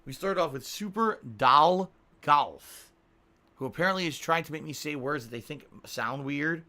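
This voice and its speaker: A man's voice: fairly high pitch, bright, forceful tone. A man with a Connecticut accent, a live streamer chatting casually, reading viewer donations and joking about his own pronunciation. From Connecticut, USA. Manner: playful, laughs often, mock-drawn-out words.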